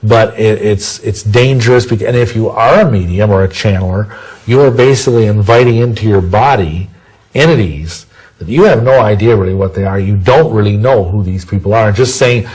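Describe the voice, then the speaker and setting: A man's voice: lowish voice, moderate pace, darkish tone, husky, rough recording. A man answering interview questions in a rambling, self-correcting way, full of folksy sayings. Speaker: interview guest.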